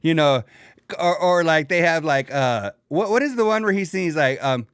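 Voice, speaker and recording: A man's voice: a little high, lively intonation, normal speed, fairly bright tone, smooth, no room sound, studio quality. A man co-hosting a podcast in casual, slangy chat, laid-back and laughing often. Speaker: podcast co-host.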